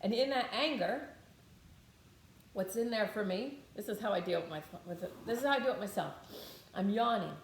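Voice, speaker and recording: A woman's voice: medium pitch, expressive, moderate pace, pauses often, slight background noise. A woman leading a guided tapping meditation, talking bluntly, swearing freely and thinking aloud as she works through her own feelings. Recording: echoey room.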